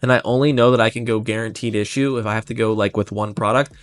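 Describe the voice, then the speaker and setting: A man's voice: lowish voice, fairly even intonation, no echo, soft background music. Blunt, intense male sales coach. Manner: blunt, intense, fast bursts. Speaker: life insurance sales trainer. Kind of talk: motivational sales coaching talk.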